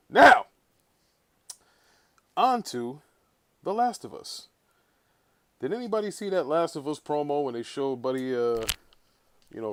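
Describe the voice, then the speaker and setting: A man hosting a casual livestream, talking in an animated way, swearing and calling out viewers in the chat. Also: mid-range voice. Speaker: livestream host.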